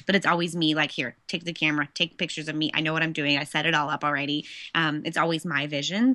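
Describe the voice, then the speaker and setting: Young woman, gushing, rapid-fire talk, bright tone, dry close mic. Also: deep voice, dry recording. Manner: bubbly, gushing, lots of "like" and "so excited". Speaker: podcast co-host. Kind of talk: casual chat. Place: Central California.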